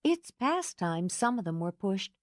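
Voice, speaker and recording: A woman's voice: medium pitch, very animated, a little slow, darkish tone, no echo, studio quality. A woman voicing a bold, blunt woman friend who teases and pushes. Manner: brash, pushy.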